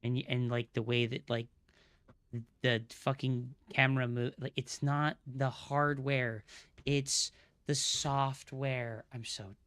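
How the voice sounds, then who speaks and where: A man's voice: medium pitch, little pitch movement, takes it slowly, fairly bright tone, clear, resonant tone, no room sound. Exasperated, foul-mouthed male gaming streamer. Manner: exasperated, swears a lot, mutters under breath. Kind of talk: live-stream troubleshooting chatter.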